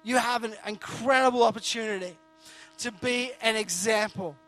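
Male preacher, high tenor, casual sermon, self-deprecating, stop-start phrasing. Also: normal speed, a bit bright, soft background music. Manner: earnest, jokey, frequent restarts. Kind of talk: conversational sermon.

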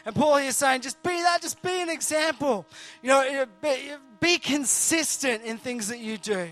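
A man's voice: extremely high pitch, normal speed, a bit bright, soft background music. A man preaching a conversational sermon, earnest and jokey, often restarting his sentences.

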